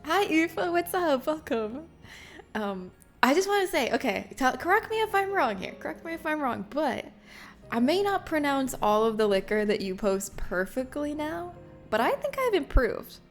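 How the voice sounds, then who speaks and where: A woman's voice: sits high, very animated, normal speed, faint music behind. Bubbly self-mocking woman streamer. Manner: reads chat messages aloud. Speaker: livestream host. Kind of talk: casual chat with chat readers.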